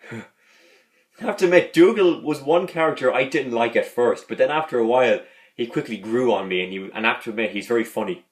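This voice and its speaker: A man's voice: mid-range voice, fairly quick. Rambling man chatting casually on a vlog. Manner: rambling, repeats words and restarts often. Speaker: video host reviewing a sitcom.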